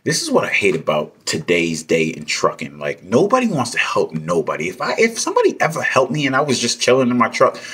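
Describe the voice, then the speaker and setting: A truck driver telling a story in a casual vlog, ranting with heated, profane language. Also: male voice, mid-range voice, wildly swooping pitch, brisk, hardly any pauses, fairly bright tone, husky.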